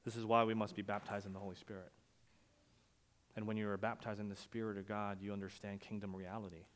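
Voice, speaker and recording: A male pastor preaching a sermon, telling stories conversationally and swinging from loud emphasis to quiet asides. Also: on the low side, little pitch movement, fast talker. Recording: long hall reverb.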